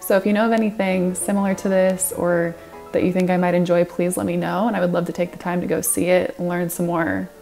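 A woman's voice: on the low side, level tone, brisk, gravelly, mellow, faint music behind. A young American woman vlogger speaking to camera, earnestly recommending something to her viewers. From United States. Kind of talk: talking to camera.

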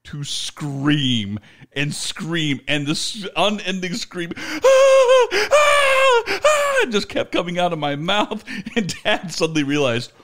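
A man's voice: on the high side, expressive, a little slow, sharp tone. A middle-aged man co-hosting a podcast, telling a story in casual chat and laughing often as he talks. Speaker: podcast co-host.

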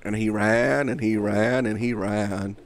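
A man's voice: on the low side, fairly even intonation, unhurried, crowd noise. A man co-hosting a podcast in casual chat, joking and bantering with friends. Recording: noisy background hiss.

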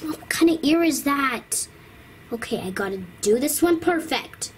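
An anxious little girl toddler , voiced by a woman frets aloud in a high, slow voice. She talks to herself as she works, grumbling and worried, in a doll-play cartoon. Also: animated, slight background noise. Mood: fretful.

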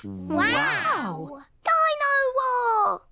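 A squeaky, excitable little piglet girl. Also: very slow, heavy background noise, heavily acted. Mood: excited. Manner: bright, eager, sing-song. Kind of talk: cartoon voice acting.

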